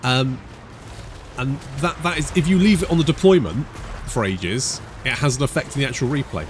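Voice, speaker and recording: A man's voice: mid-range voice, lively intonation, moderate pace, slight background noise. A British man casually commentating a strategy game, chatty and rambling with joking asides. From Britain. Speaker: gaming YouTuber. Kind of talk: casual let's-play commentary.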